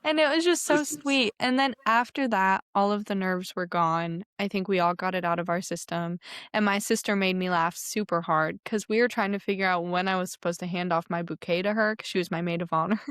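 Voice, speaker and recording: A young woman in her twenties, a podcast guest chatting casually and telling an animated, giggly story. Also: fairly low pitch, a little fast, clear, resonant tone, no echo, studio quality. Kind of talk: casual chat.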